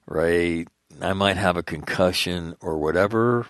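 A man's voice: low voice, unhurried, dry recording, clean studio sound. A man hosting a radio talk show, reading out news items and adding blunt, profane, rambling commentary full of restarts. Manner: rambling asides with restarts and repeated phrases. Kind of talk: news rundown with off-the-cuff commentary.

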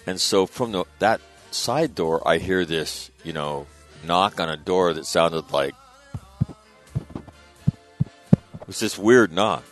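A man's voice: sits low, takes it slowly, pauses often, faint music behind. A middle-aged man telling stories about his late father in a casual, rambling way, full of fillers and restarts. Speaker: guest recalling his father. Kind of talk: casual spoken storytelling.

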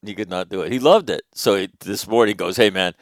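A middle-aged man from Northern California hosting a radio show, telling a long, rambling, profane story with lively quoted asides. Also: fairly low pitch, quick pace, no echo, clean studio sound. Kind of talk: casual storytelling monologue.

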